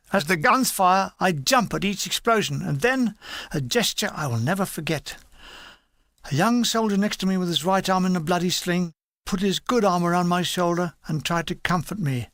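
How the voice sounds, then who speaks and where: A man reading a memoir aloud as an audiobook, in a steady, understated storytelling manner. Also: high voice, moderate pace, no room sound, studio quality. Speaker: reader.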